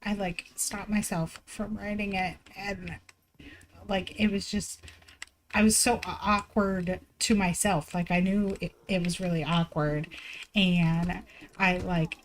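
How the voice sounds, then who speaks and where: A woman's voice: fairly low pitch, steady tone, unhurried, slight background noise, poor audio. Rambling, self-deprecating woman streamer chatting casually. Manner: rambling, self-deprecating, swears freely, many "like" fillers. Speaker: live streamer. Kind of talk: casual chat. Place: at home by her computer.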